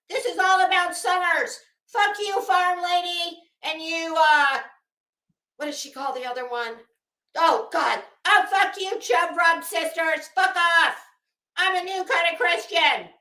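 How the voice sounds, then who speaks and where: A brash, foul-mouthed streamer lady who greets her chat sweetly and curses them in the next breath, as a woman imitates her. The voice sits high and bright, with a tense edge. It is recorded in an echoey room. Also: a little slow, full character voice. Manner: loud, profane, shrill sweet-then-cursing. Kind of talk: mocking impression on a livestream.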